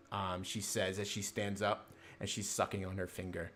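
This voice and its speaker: A man runs a tabletop game as game master, narrating scenes in a halting way with lots of fillers. His voice sits fairly low. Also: flat delivery, a bit bright.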